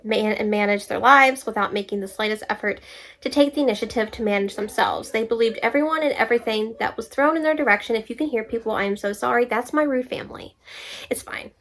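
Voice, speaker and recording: A young woman with a fairly high voice hosts a casual book vlog. She reads reviews aloud and answers them in an animated, exasperated way. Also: quick pace. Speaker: book vlogger.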